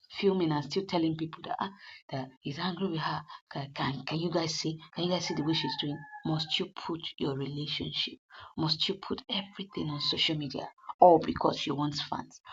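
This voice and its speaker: Woman recapping a comedy ep, lowish husky voice, dull lo-fi audio. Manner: retells scenes in quoted character lines, grows emphatic and scolding. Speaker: movie reviewer. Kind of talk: casual retelling of a comedy episode. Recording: dull lo-fi sound.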